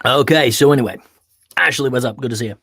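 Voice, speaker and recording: A man's voice: medium pitch, fast talker, creaky, a bit bright, husky, dry recording. A man hosting a casual livestream podcast, playful and jokey, greeting viewers by name as he chats. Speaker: podcast host.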